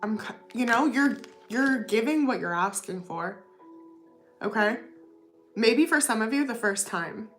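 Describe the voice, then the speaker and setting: Woman, tarot reader, chatty, filler-heavy, high-pitched, faint music behind. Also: animated, a little slow, long pauses, fairly bright tone. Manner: chatty, filler-heavy, says okay and you know often. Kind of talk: casual tarot reading to camera.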